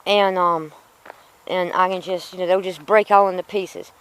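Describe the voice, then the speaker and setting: A woman's voice: lowish voice, fairly even intonation, normal speed, fairly bright tone, clean tone, rough recording. A woman rambling casually to her vlog camera, frustrated and in pain from a sore tooth. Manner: rambling, frustrated, self-talking. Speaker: vlogger. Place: outdoors in a yard.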